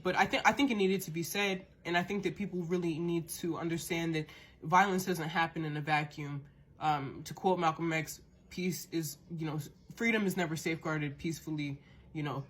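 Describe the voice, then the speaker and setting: Husky, heated woman podcast host. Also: sits low, fairly even intonation, normal speed. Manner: heated, ranting, profane; repeats and restarts words when worked up. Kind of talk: impassioned podcast monologue.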